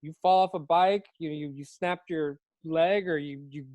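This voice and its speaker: A man who is a high school teacher co-hosting a casual unscripted chat, telling stories in an animated way and laughing often. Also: normal speed, a little hiss or hum.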